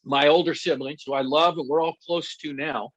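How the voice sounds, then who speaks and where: A middle-aged guest pastor and counselor teaches conversationally, weaving in personal stories and laughing at himself as an animated storyteller. His voice is on the high side at a moderate pace. The sound is dull, dry and lo-fi.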